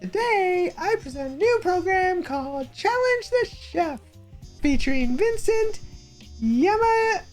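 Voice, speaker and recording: A woman voicing a chirpy young female TV presenter in a squeaky announcer manner while reading game dialogue aloud. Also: lively intonation, a little slow, soft background music. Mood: perky.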